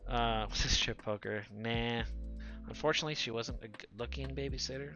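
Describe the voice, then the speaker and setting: A man's voice: mid-range voice, fairly quick, sharp tone, dull audio, faint music behind. A man in his forties chatting casually on a live stream; he talks nonstop, laughs a lot, and his voice sounds younger than his age and sometimes cracks. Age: 40s.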